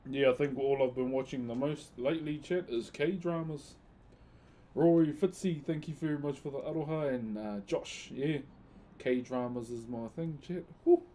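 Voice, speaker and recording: A man's voice: medium pitch, fairly even intonation, normal speed, warm tone, a little hiss or hum. Laid-back New streamer man. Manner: laid-back, thanks viewers by name, uses Maori words. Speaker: live streamer and wood carver. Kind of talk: casual live-stream chat.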